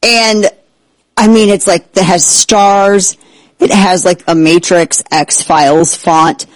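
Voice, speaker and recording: A man hosting a talk show, excitable and sarcastic, who keeps breaking into exaggerated impressions. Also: sits high, takes it slowly, dry recording, poor audio. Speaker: host. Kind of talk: animated political talk show banter.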